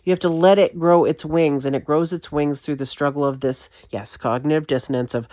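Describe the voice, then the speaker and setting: A woman's voice: low voice, expressive, brisk, warm tone, dry recording, studio quality. A woman giving an impassioned vlog rant, emphatic and repetitive, swearing freely. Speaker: vlogger.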